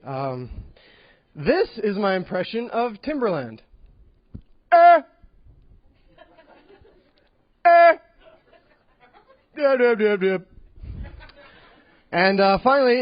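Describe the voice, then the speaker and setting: Young man in a club set, high and bouncy voice, nervous giggles, lo-fi sound. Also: animated, measured pace, no room sound. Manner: awkward and giggly, with many ums. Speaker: stand-up comedian. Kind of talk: stand-up comedy set. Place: comedy club. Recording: dull lo-fi live recording.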